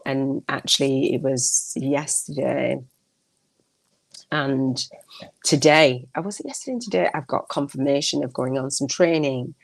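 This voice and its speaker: Woman host, gravelly, dry close sound, rambling heartfelt monologue. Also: rumbling low, darkish tone, no room sound. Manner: rambling, heartfelt, self-correcting. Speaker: podcast host. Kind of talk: casual monologue.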